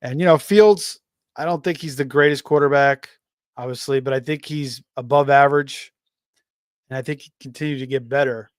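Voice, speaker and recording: A man's voice: mid-range voice, moderate pace, dry recording, clean studio sound. A man hosting a live fantasy football stream, talking casually with many fillers and restarts while reading out chat messages. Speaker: fantasy football livestream host.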